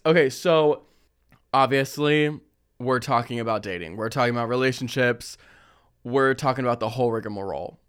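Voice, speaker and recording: A young man hosting a casual chat, reading listener stories and telling his own with lively slang and frequent laughter. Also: medium pitch, moderate pace, smooth. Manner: animated, laughs often, chatty slang. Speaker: podcast host.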